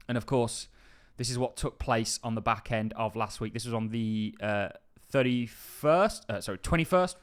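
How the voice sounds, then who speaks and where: A man hosting a crypto channel in casual, enthusiastic market commentary. He pushes key points with emphasis and keeps breaking off into quick offhand asides. His voice sits at an ordinary middle pitch for a man. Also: fairly bright tone, clear, resonant tone.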